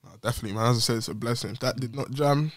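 A man hosting a casual interview, asking quick questions and adding short affirmations. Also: medium pitch. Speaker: podcast host.

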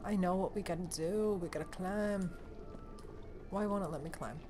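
Excitable swearing woman gamer. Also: fairly low pitch, normal speed, slight background noise. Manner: excitable, swears a lot, talks to viewers. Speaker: let's play gamer. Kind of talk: casual gameplay commentary. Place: home room. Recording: game music behind voice.

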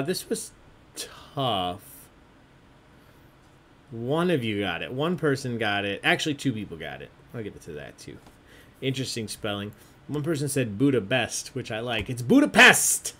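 A man's voice: fairly low pitch, lively intonation, a little slow, pauses often, fairly bright tone, a little hiss or hum. A man hosting an online trivia game, chatty and jokey, often laughing as he reads out answers. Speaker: trivia host.

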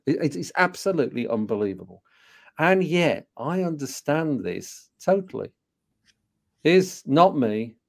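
A man in his sixties from England with a Birmingham accent, telling a personal story to an audience, full of rhetorical questions and halting restarts. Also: fairly low pitch, darkish tone. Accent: Birmingham English. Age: 60s. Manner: anecdotal, rhetorical questions, frequent hesitations and restarts. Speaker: speaker and co-author.

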